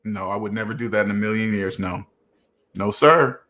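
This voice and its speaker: A man's voice: fairly low pitch, normal speed, fairly bright tone. A man in his forties hosting a casual live Q&A, telling rambling stories that he keeps punctuating with "right?" and the odd chuckle. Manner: rambling, repeats "right?" often. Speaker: host.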